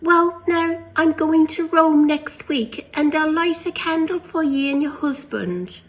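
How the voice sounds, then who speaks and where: A man's voice: very high voice, unhurried, highs cut off, pitched above the performer's own voice. A man reading a joke aloud in a put-on Irish accent, voicing both a priest and a wife. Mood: jokey.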